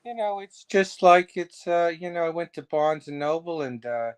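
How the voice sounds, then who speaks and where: A man's voice: a little high, lively intonation, normal speed, clean tone. A man, a guest impressionist, telling stories in casual chat and rambling with lots of fillers.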